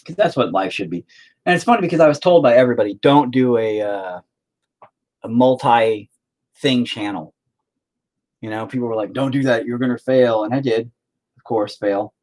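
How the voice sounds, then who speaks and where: A man's voice: mid-range voice, moderate pace, long pauses, darkish tone. A man in his forties chatting casually on a live stream, rambling, profane and sarcastic. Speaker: live-stream host and musician.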